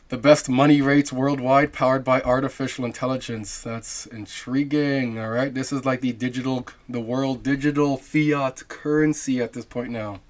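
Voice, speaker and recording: A man hosting a crypto channel, musing aloud over on-screen material with rhetorical questions and frequent fillers. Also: medium pitch. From half Jamaican. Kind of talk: casual screen-share commentary.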